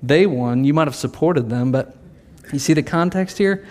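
Speaking at a moderate pace, this man's voice sits a little high with a darkish tone. He's a pastor preaching conversationally, sometimes voicing the characters in his story.

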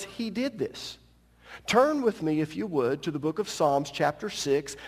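Pastor guy preaching, higher voice, lively storytelling, church hall reverb. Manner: animated storytelling preacher, joking asides. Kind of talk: sermon.

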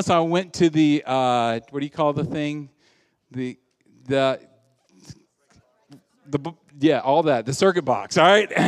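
A pastor whose voice sits on the high side delivers a sermon full of animated, funny stories, voicing each character and poking fun at himself. The sound is studio quality with no echo, though a long reverb tail is present.

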